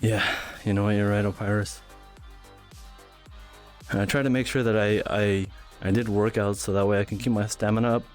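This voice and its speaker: A young man livestreaming, dancing in VR while chatting to viewers, out of breath, giggly and animated. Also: lowish voice, moderate pace, soft background music. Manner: chatty, giggly, animated, reads chat aloud. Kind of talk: casual live-stream chat.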